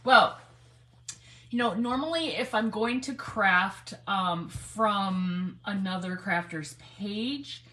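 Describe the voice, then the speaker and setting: A woman's voice: mid-range voice, slow, sharp tone. A woman, hosting a live craft stream, chatty and laughing, greeting viewers by name. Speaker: craft livestream host.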